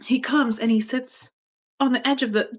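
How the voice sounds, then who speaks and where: A woman in casual chat, telling a story in an animated way, swearing freely and laughing often. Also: on the high side, moderate pace. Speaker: guest storyteller.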